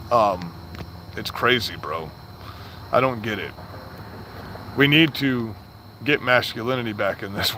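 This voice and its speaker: A man's voice: mid-range voice, fairly bright tone, slight background noise. A middle-aged man from Florida, ranting bluntly and profanely in a casual vlog. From Florida, USA. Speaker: vlogger. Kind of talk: casual rant to camera.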